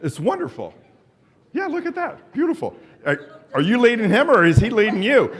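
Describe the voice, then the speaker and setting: A man with a notably high voice leads a live exercise workshop. He coaxes and cheers the group and calls out timed cues and countdowns. His talk is eager and encouraging throughout. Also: big pitch swings, measured pace, pauses often, a bit bright, husky. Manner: enthusiastic, encouraging, coaxes the audience. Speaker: exercise coach presenting at a symposium. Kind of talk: live workshop presentation leading an exercise drill.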